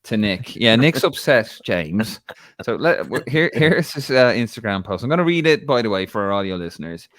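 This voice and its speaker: A man's voice: mid-range voice, sing-song, normal speed, fairly bright tone, no room sound. An Irish man hosting a live football chat stream, steering the discussion and talking straight to viewers. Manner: hosting, addresses viewers directly. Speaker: podcast host.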